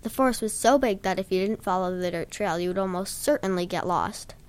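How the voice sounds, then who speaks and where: A woman reading a story aloud in a plain, steady storytelling manner with a few stumbles. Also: mid-range voice, brisk, smooth. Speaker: reader.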